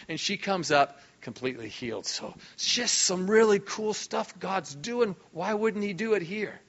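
A middle-aged man preaching in a church, telling healing stories with lively enthusiasm. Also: high voice, normal speed, dull audio. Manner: animated, enthusiastic storyteller. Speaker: guest preacher. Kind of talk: sermon storytelling. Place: church hall.

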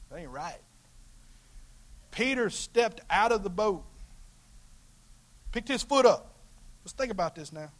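A man preaching a sermon as pastor in a folksy, colloquial way, swinging between loud emphatic calls and hushed asides. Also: sits high.

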